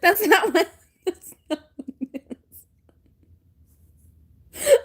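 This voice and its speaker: A woman vlogger telling stories in casual chat, animated and often breaking into laughter. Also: extremely high pitch, extremely slow.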